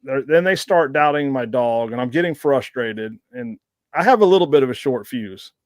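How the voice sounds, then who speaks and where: Male guest storyteller, rambling anecdotes, mid-pitched, dry close mic. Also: animated, normal speed, darkish tone, no room sound. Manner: rambling anecdotes with frequent laughs. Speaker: blood tracker guest. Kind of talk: casual storytelling on a podcast.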